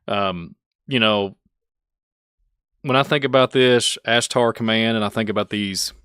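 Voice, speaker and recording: A male channel host from Kentucky, with a Kentucky accent, delivers a casual rambling rant, self-mocking and tossing in laughing asides. His voice is on the low side, unhurried, clear, resonant, and fairly bright, captured with a dry, close sound and no room noise.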